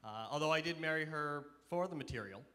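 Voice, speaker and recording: Bright-voiced man doing stand-up, roomy hall. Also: on the high side, animated, a little fast. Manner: self-deprecating, acts out quoted voices loudly. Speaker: stand-up comedian. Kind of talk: stand-up comedy set. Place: comedy festival stage. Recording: live stage in a reverberant hall.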